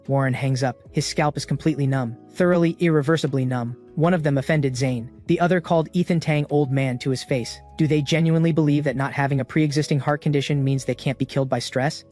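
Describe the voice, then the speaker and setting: A man giving dramatic, energetic scripted narration as a comic recap narrator. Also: mid-range voice, fast talker, hardly any pauses. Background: music.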